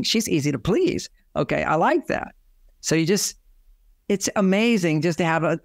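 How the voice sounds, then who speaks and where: Gravelly man giving relationship advice. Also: on the high side, dry recording, clean studio sound. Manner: rambling, often acting out quoted dialogue. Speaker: relationship author and guest.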